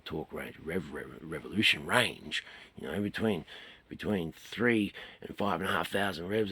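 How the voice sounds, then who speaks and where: Rambling Australian bloke, low-ish and gravelly, earnest talker with sudden bursts. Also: male voice, lively intonation, normal speed, a bit bright, slight background noise. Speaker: host. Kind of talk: rambling spoken talk.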